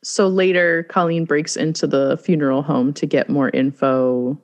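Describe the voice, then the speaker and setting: A woman's voice: deep voice, steady tone, moderate pace, a little mellow. A woman co-hosting a casual podcast chat, recapping a movie and laughing often as she talks. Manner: giggly, laughs often while talking. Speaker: podcast co-host.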